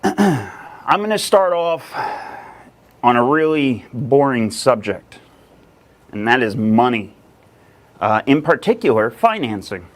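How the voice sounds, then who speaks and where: A man's voice: medium pitch, big pitch swings, slow pace, long pauses. A man hosting a casual live stream about real estate, talking energetically with lots of fillers and rambling asides. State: a little out of breath.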